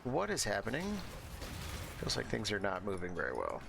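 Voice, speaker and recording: A man's voice: on the low side, wildly swooping pitch, normal speed, vocal fry, background noise. A man chatting casually while playing a game, rambling with many fillers and restarts. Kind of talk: casual chat while gaming.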